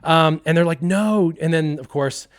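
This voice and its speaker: A man hosting a stream, casually telling a story to his live chat in an animated way, acting out the voices of the people in it and using many fillers like "um" and "like". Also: a little high, moderate pace, clear, resonant tone. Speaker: streamer host.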